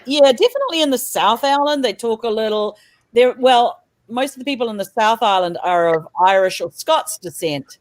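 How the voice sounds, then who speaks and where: A woman's voice: fairly high pitch, moderate pace, no room sound. Woman, New Zealand accent, casual podcast chat, laughs a lot, dry close sound. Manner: laughs often, animated storytelling. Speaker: podcast co-host.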